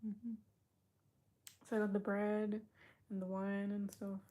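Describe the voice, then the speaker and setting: A young woman talks slowly and casually to her livestream audience. Her voice is mellow and unhurried, and she reads out comments from chat and answers them with frequent laughs. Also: medium pitch, little pitch movement. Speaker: livestream host.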